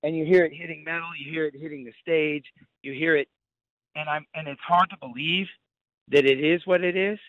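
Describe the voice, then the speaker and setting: A man's voice: fairly high pitch, steady tone, no room sound. A young man speaks over a muffled phone line, tripping over his words as he relives a frightening night. His sentences break off and restart as he goes. The sound is dry and close, with no room around it. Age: young adult. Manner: halting, many restarts, vivid retelling. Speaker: phone-in guest. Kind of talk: emotional first-hand account. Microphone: phone call.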